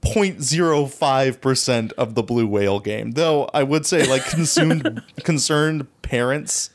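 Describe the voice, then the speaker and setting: A man's voice: medium pitch, measured pace. A man co-hosting a podcast, riffing sarcastically with frequent laughs and swearing. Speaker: podcast co-host. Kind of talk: casual chat.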